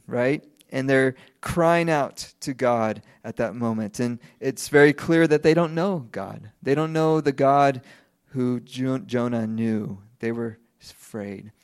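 A man's voice: medium pitch, a little mellow. A man in his thirties preaching a sermon in a conversational way, asking the listeners questions and laughing lightly now and then. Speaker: pastor.

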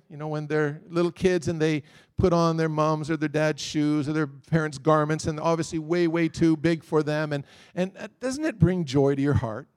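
Animated middle-aged male preacher, storytelling. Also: a little high. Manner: storytelling, animated, quotes others. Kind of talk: sermon.

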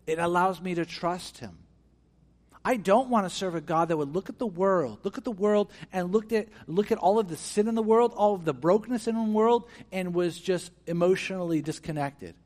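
Animated preaching man, slightly high voice. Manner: animated, swings between hushed and emphatic; acts out quoted voices and asks the listeners questions. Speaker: pastor. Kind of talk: preaching a sermon.

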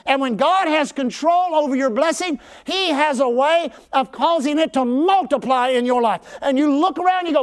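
A man preaching in a very high voice, leading the congregation in call-and-response. He talks conversationally but with fervor, and at his peak points he breaks into shouts. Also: normal speed, few pauses. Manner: rising to shouts at peaks. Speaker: pastor. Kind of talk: preaching a sermon.

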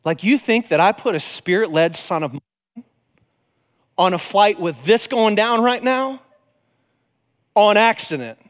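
A man's voice: sits high, unhurried, pauses often. A man preaching in a conversational, storytelling way, acting out the voices in his stories. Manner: animated, conversational, acts out voices in quotes. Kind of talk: storytelling sermon. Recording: long hall reverb.

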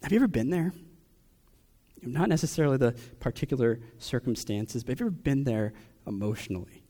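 A young adult man preaching a personal sermon, asking question after question with long pauses. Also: mid-range voice, animated, mellow. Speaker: pastor.

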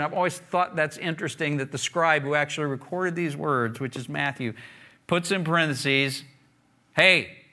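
A man's voice: a little high, bright, forceful tone. A man preaching a sermon, reading scripture aloud and then explaining it in a conversational, emphatic way, often repeating words for stress. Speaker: pastor.

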